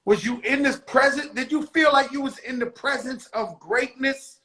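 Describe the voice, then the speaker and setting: A man's voice: extremely high pitch, normal speed, sharp tone, low-quality recording. A man hosting a talk show in casual chat, telling stories in streetwise slang and swearing freely.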